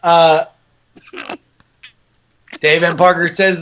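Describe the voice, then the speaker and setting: A man's voice: high voice, lively intonation, normal speed, bright, forceful tone. Teasing man reading listener comments. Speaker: podcast co-host. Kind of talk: casual podcast banter.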